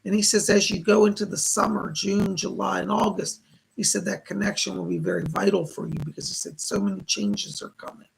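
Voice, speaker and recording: Hoarse male medium on a live stream, gravelly and husky, relaying what spirits say. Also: sits high, fairly even intonation, brisk, poor audio. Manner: relays spirit messages as quoted speech. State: hoarse, losing his voice. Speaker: psychic medium. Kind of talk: live-stream psychic readings.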